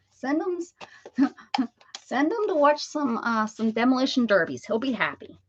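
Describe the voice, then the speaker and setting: A woman's voice: high voice, very animated, a little slow, slightly rough, highs cut off. A woman from the Pittsburgh area hosting a crafting live stream, chatting casually and greeting viewers by name as she works.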